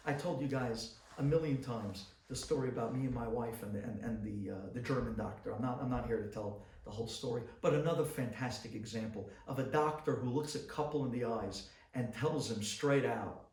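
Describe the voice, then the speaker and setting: A rabbi giving an inspirational talk, telling stories dramatically and swinging between loud bursts and hushed asides. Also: male voice, medium pitch, a little fast, hardly any pauses, echoey room, recorded from a distance.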